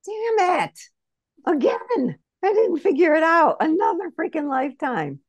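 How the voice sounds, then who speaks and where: A woman putting on a shrill, fed-up past-life self. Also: big pitch swings, unhurried, dry recording, full character voice. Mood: exasperated. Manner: whiny, exasperated outbursts. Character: exasperated past-life self, fed up after dying again.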